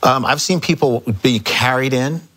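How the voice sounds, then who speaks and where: A man telling stories as an interview guest, acting out quoted dialogue with lively energy. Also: medium pitch, moderate pace. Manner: animated storyteller, acts out quoted dialogue. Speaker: chiropractor guest. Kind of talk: casual storytelling interview.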